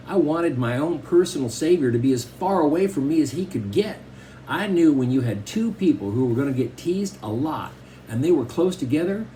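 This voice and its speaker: Expressive male audiobook narrator. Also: on the high side, slight background noise, rough recording. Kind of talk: first-person storybook narration.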